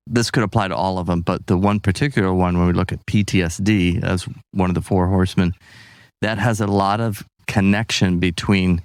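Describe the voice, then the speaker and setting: A man in casual conversation, calmly explaining ideas and building on his partner's points. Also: low voice, clean tone, no room sound, clean studio sound.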